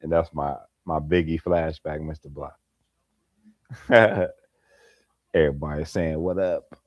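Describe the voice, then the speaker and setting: A man's voice: extremely low pitch, fairly even intonation, a little slow, no echo, highs cut off. A man hosting a late-night livestream, chatting casually with viewers by name and laughing often. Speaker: livestream host. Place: home at night, holding a light.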